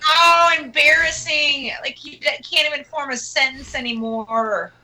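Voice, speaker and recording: A woman guest on a radio interview, talking in a casual, animated and mocking way with quick asides. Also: high voice, crowd noise, poor audio. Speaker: guest singer.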